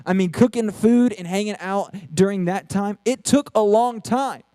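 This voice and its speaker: High-voiced man preaching earnestly. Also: clean tone, no room sound. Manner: earnest, animated preaching with quick restarts. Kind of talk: sermon. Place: church.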